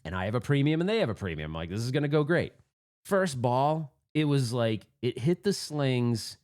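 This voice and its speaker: Excitable man telling a pinball story. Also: medium pitch, moderate pace. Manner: excitable, rambling, restarts often, rising to agitated outbursts. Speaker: pinball vlogger. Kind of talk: casual storytelling monologue.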